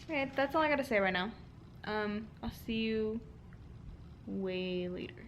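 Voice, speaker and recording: At home, a young book vlogger chats animatedly about the fantasy romance she's reading, laughing a lot and using many fillers in a casual vlog. Her voice is medium-pitched at a normal speed, with slight background noise.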